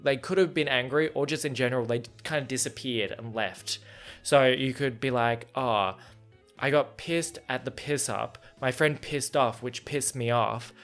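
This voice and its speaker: Young Australian guy, mid-pitch, loose rambling podcast host, faint music bed underneath. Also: fairly bright tone. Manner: chatty, laughs often, loose and rambling. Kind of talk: casual solo podcast chat.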